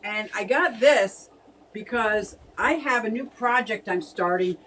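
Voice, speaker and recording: A woman's voice: a little high, unhurried, a bit bright, distant mic, a little hiss or hum, low-quality recording. A woman co-hosting a casual fish hobby live stream, chatting and laughing as she reads out viewer comments.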